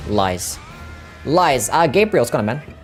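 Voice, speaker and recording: A man's voice: mid-range voice, big pitch swings, measured pace, faint music behind. A young Australian man with an Australian accent chats casually and swears while he streams a game for his viewers. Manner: laid-back and sweary, chatting to viewers. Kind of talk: casual chat while gaming.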